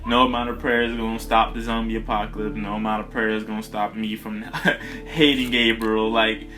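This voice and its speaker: A man from the American South talks through a casual podcast chat, rambling and laughing as he goes. His tone is bright and forceful, with slang that loosens every sentence. Faint music plays softly behind him. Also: on the low side, little pitch movement, moderate pace. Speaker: podcast co-host.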